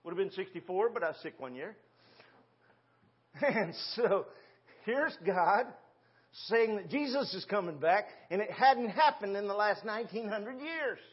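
Sitting high in pitch with lively intonation, this pastor in his sixties keeps a measured pace as he preaches in a church sanctuary. The audio is dull, and his folksy delivery leans heavily on rhetorical questions.

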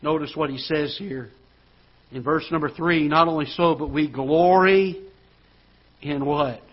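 Husky-voiced preacher in a church. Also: male voice, fairly high pitch, fairly even intonation, unhurried. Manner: swings from hushed storytelling to loud rising preaching. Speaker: pastor. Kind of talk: sermon. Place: church auditorium. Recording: dull lo-fi church broadcast.

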